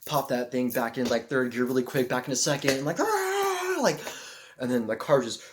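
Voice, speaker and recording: A man telling a personal story in a casual, rambling way, full of fillers and loud acted-out exclamations. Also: mid-range voice, fairly even intonation, fairly quick, noisy background. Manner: acts out moments with loud shouted exclamations.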